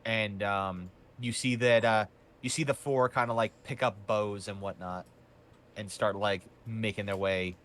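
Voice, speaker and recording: A man's voice: on the low side, fairly even intonation, measured pace, a bit bright. A man narrating as game master of a tabletop game in a loose, meandering way.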